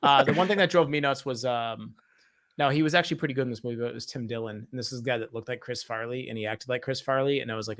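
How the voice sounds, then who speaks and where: A man talks through a horror movie in loose, animated podcast chat. His voice sits mid-range and carries easily. He swears often and slips into silly put-on voices. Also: medium pitch, rapid-fire. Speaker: podcast co-host. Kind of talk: casual movie review chat.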